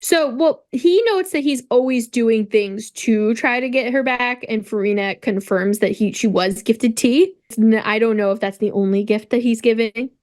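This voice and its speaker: Woman podcast co-host, fairly high voice, matter-of-fact explaining, casual chat. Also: normal speed, hardly any pauses, darkish tone. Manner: explains plainly, sure of her facts.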